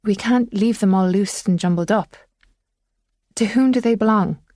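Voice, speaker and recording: A woman reading a worried young woman speaking gently to her confused father. Her tone is patient and pleading. The voice sits dry and close to the mic. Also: medium pitch, moderate pace, no echo, close to an everyday voice. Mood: coaxing.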